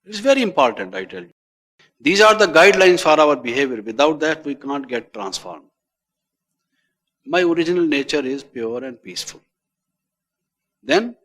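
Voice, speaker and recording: A man with an Indian English accent giving a spiritual lecture on meditation, stressing phrases and letting them fall away quietly. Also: on the high side, big pitch swings, normal speed, pauses often. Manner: repetitive, emphatic, often trailing off quietly at phrase ends. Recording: long hall reverb.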